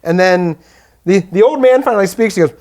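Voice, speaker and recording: Casual co-host, male, recaps movie scenes with quick impressions thrown in. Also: high-pitched, a little mellow. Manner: retells scenes, putting on quick character voices. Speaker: podcast co-host. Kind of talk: casual movie commentary chat.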